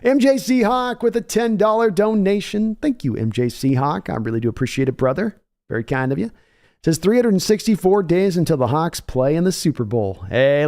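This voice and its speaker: A man's voice: a little high, darkish tone. A man hosting a live sports reaction stream, reading out donations and chatting casually with his viewers. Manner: reads donations aloud, chatty and hyped.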